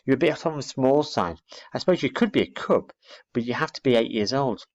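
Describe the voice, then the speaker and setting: A man's voice: medium pitch, expressive, voice pushed up, natural voice. A man doing a cheerful boy scout. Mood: teasing. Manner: brisk, confident. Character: cheerful young boy scout guarding campfire. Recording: dull lo-fi recording.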